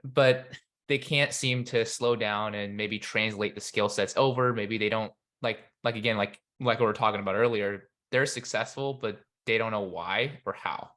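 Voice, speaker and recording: A man's voice: lowish voice, moderate pace, a bit bright. A man hosting a podcast, talking casually and hesitantly with fillers. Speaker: podcast host.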